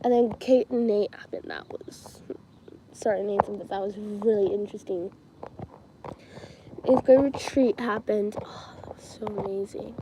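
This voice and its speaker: A woman's voice: mid-range voice, steady tone, measured pace, long pauses, noisy background. A teenage girl telling stories on a livestream in a casual, chatty way, giggling often and filling her talk with "like" and "um". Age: teens. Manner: chatty, giggly, many fillers like "like" and "um".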